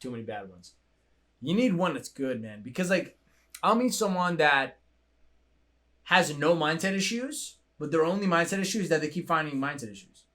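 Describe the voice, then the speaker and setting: A young man hosting a coaching show, talking in a blunt, profane, animated way. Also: fairly high pitch, moderate pace. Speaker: coaching podcast host. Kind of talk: casual chat.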